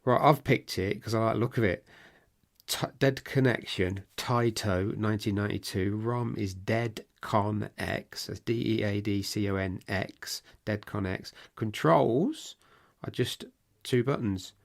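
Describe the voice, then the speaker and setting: A man as a chatty podcast co-host, rambling and joking through his notes. His voice is gravelly with some fry and is wearing thin and hoarse. The delivery is loose and casual. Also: on the low side, a little slow. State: voice going hoarse.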